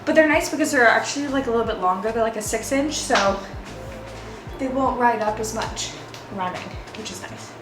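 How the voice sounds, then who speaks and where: A young woman chats upbeat to her camera with a slightly high voice, dropping "like" into nearly every sentence. The room around her gives an echoey ring, and soft music plays faintly underneath. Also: brisk. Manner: chatty and upbeat, with frequent "like" fillers. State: out of breath after running. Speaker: lifestyle vlogger. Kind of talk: casual vlog chat. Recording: roomy echo, faint music behind.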